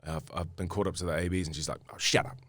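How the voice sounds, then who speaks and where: Low-voiced New Zealand man telling stories. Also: steady tone, racing, noisy background. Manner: rambling, many fillers and restarts. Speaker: guest rugby player. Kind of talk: casual podcast storytelling.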